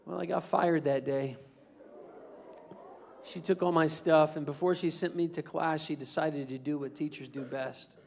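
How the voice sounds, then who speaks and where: A middle-aged man, a motivational speaker, giving an animated school assembly talk and leading the audience in call-and-response. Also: on the high side, normal speed, creaky, a little hiss or hum.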